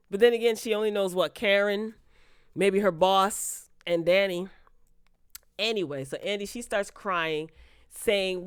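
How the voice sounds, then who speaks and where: A woman recapping a TV episode in a loose, chatty way, her voice sitting at an ordinary middle pitch. She keeps breaking off into incredulous, exasperated asides. The sound is close and dry, with no room around it. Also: animated, unhurried, no echo. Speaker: TV recap vlogger.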